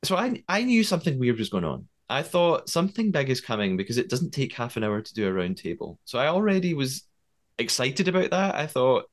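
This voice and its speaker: A man's voice: medium pitch, very animated, brisk. A man co-hosting a podcast, recapping scenes step by step and thinking aloud as he goes. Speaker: podcast co-host. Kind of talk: casual recap chat.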